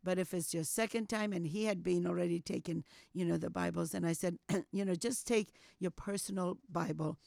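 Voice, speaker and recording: An older woman telling a personal story as an interview guest, animated, acting out what people said and sprinkling in "you know.". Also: fairly low pitch, normal speed, gravelly, hardly any pauses, no room sound, studio quality. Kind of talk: storytelling testimony.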